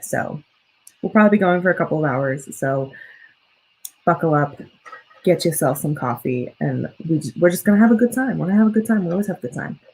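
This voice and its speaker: Chatty young woman, husky low voice. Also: expressive, brisk, darkish tone, rough recording. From United States. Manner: chatty, rambling, self-correcting. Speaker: livestream host and student writer. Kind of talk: casual livestream chat reading comments.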